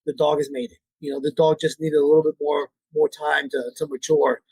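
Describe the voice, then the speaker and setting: Husky high-voiced dog trainer guy, blunt and cussing, dry sound. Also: little pitch movement, a little fast, darkish tone, no room sound. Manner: blunt, profane, repeats his points. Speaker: dog trainer, interview guest. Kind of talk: casual interview talk.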